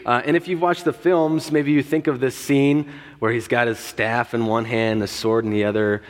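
Guy preaching in a church, chatty and jokey, lots of ums, long echo off the hall, middle-pitched voice. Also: steady tone, normal speed. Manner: conversational and joking, with frequent fillers and restarts. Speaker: pastor. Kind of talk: sermon. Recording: long reverb of a large hall.

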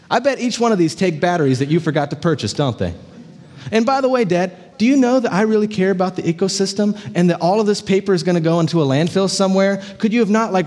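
A man's voice: sits high, a little mellow, long reverb tail, pitched above the performer's own voice. A man doing a whiny complaining teenage boy. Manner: fast, indignant grumbling.

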